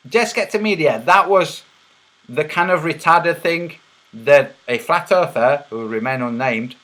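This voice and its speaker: Gravelly guy streaming, teasing chat, slow talker, swoopy pitch. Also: bright, forceful tone, low-quality recording. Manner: teasing, mocking, laughs at his own jokes. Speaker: livestream host reading chat. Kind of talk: casual livestream chat.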